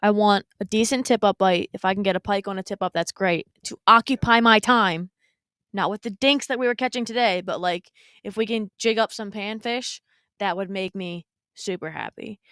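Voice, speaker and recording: A woman's voice: medium pitch, moderate pace, fairly bright tone, clear, resonant tone, no room sound, studio quality. A woman guest on a casual podcast who talks in an upbeat, blunt way and swears lightly. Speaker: co-host guest. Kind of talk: casual chat.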